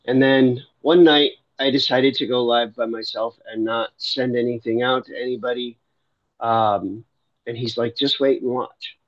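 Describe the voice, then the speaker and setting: With a medium-pitched, steady voice and a measured pace, a middle-aged man tells his faith testimony. He's a Christian livestreamer and foster parent whose storytelling wanders and frequently starts over. The audio is dull but free of echo.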